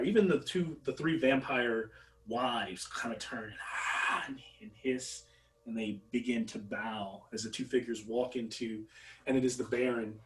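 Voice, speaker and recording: A man narrating as game master in an unhurried, descriptive way with fillers. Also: medium pitch, far from the mic, rough recording.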